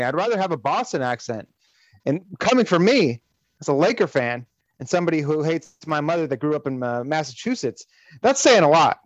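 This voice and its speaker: A man's voice: a little high, a little fast, dry recording. Man ranting animatedly, dry dull sound. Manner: animated ranting, profane, frequent restarts. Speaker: podcast host. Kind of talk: casual chat.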